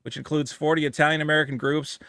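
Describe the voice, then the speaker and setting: A man's voice: fairly high pitch, fast talker, vocal fry, no room sound, studio quality. A man co-hosting a comedy podcast, trading crude political jokes and slipping into mocking voices. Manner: animated, profane, slips into mocking put-on voices. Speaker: podcast co-host.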